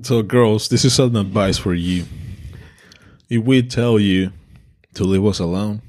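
A man's voice: fairly low pitch, a little slow, a little mellow. A man co-hosting a podcast who gives blunt relationship advice in casual chat and repeats his points. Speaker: podcast co-host.

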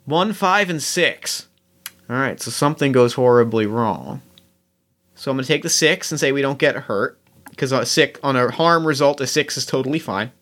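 A man's voice: medium pitch, animated, normal speed, fairly bright tone. A man playing a tabletop game, thinking aloud and restarting as he describes his moves. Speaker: player.

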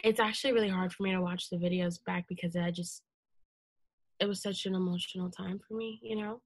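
A woman's voice: lowish voice, steady tone, brisk. A young woman in her twenties, a podcast guest, telling an emotional personal story in casual conversation, earnest and full of fillers.

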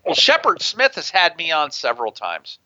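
A man's voice: on the high side, huge pitch swings, moderate pace, bright, forceful tone, muffled recording. A man in an interview telling stories in a brash way and swearing freely. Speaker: guest, prison consultant. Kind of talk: profane storytelling in an interview. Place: near a big city on the US West Coast.

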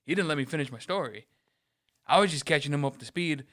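A man's voice: a little high, fast talker, fairly bright tone. A man telling a rambling workplace story in casual chat, swearing freely and acting out what others said. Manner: mimics others in quoted lines. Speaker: podcast co-host.

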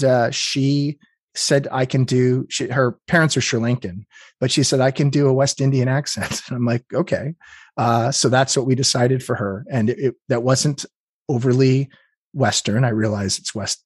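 A man's voice: medium pitch, slightly rough, dry recording, clean studio sound. A man from Canada, a game developer, talking through his choices in an interview, with many restarts and fillers. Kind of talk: interview, conversational.

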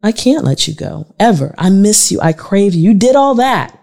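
A woman reading the part of a patient, calm bald man who pleads tenderly with his lover in a memoir audiobook. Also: mid-range voice, normal speed, gravelly. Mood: pleading.

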